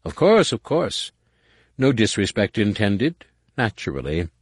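A man voicing a sly alien male executor who speaks smoothly and ingratiatingly. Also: on the low side, sing-song, unhurried, dry recording, studio quality, pitched above the performer's own voice, exaggerated voice.

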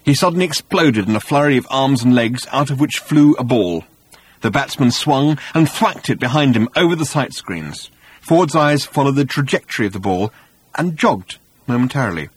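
A man narrating an audiobook with wry, animated storytelling, recorded on a close studio mic. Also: medium pitch, normal speed, slightly rough.

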